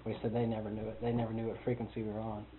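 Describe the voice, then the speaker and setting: A man with a lowish, monotone voice races through a long personal anecdote, rambling and amused, chuckling as he goes. The recording sounds tinny and phone-like, with hiss.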